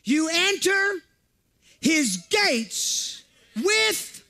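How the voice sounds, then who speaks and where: Fervent high-voiced male preacher. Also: sing-song, very slow, bright, forceful tone, a little hiss or hum. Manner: fervent, repetitive exhortation to the congregation. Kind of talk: sermon.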